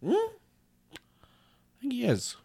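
A man's voice: very high voice, huge pitch swings, slow pace, dark tone, husky. A man co-hosting a casual comedy podcast, laughing often and rambling with restarts. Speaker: podcast co-host.

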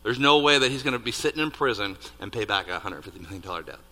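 A man preaching a sermon, building to loud peaks on key points and dropping to hushed asides. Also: lowish voice, quick pace. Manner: animated, rising to near-shouts on emphasis, dropping to hushed asides. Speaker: pastor. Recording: reverberant hall.

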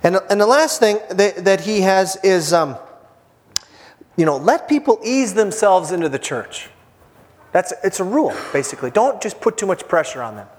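A male pastor delivers a sermon with a high voice that swings widely in pitch. He talks in a loose, joking way, stumbling through fillers and restarts. His voice rings out through a church hall with a long reverb. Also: sing-song, normal speed. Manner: casual, joking preacher with many fillers and restarts.

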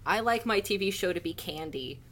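Animated young woman groaning and laughing. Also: on the low side, brisk, a little hiss or hum. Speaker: podcast co-host. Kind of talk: casual chat.

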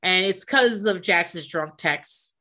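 A woman's voice: fairly low pitch, slow. A woman from the American South co-hosting a podcast, telling gossip stories casually, swearing freely and acting out the people she quotes. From American South, near Kentucky. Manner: animated storyteller who swears freely and acts out quotes. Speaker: podcast co-host.

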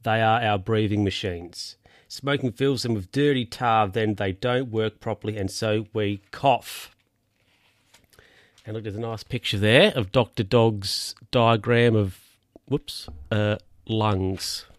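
A man's voice: fairly low pitch, slow, no echo, clean studio sound. A man reading a children's picture book aloud, breaking off for wry, amused asides. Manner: amused, ad-libbing wry comments. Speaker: reader.

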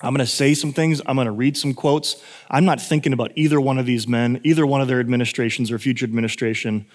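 A man's voice: medium pitch, steady tone, quick pace, a little mellow, big-room sound. A man preaching a sermon in a casual, self-correcting way, with emphatic moments. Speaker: pastor.

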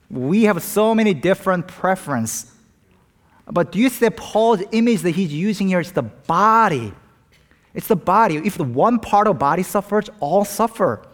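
Man pastor, sermon, earnest and animated, fairly high voice. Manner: earnest, animated preaching with personal anecdotes.

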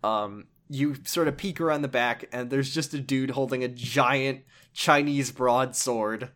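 A man's voice: mid-range voice, measured pace, fairly bright tone. Young guy chatting thru a game story, rambly and jokey, mid voice. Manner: rambling, joking, with many restarts. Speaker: game commentator. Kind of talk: casual game recap chat.

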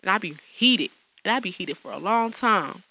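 A woman's voice: medium pitch, lively intonation, moderate pace, bright, forceful tone, poor audio. A woman hosting her own podcast alone in a small studio, chatting casually in slang and laughing often. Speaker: podcast host. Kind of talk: solo podcast chat.

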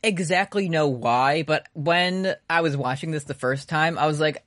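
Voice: mid-range voice, normal speed, a bit bright, no echo, studio quality. A young adult podcast co-host recapping an anime in casual, profane, rambling chat, laughing often.

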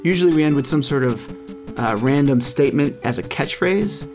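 A male podcast host wrapping up a casual episode, talking haltingly with many fillers. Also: fairly high pitch, expressive, darkish tone, faint music behind. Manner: halting, filler-heavy, friendly wrap-up.

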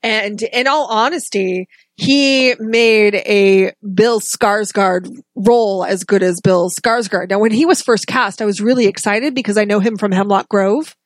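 A woman's voice: mid-range voice, unhurried, no room sound. A woman co-hosting a casual podcast chat about a film, talking with enthusiasm and frequent restarts. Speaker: podcast co-host.

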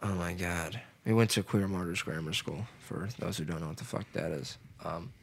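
A man's voice: sits low, moderate pace, a little hiss or hum. A man in his twenties chatting casually, rambling with lots of filler words and swearing. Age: 20s. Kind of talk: casual chat.

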